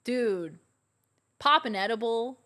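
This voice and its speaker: A woman's voice: a little high, expressive, slow, pushed and bright. A young woman casually joking and swearing while streaming a game. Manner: joking, profane, rambling.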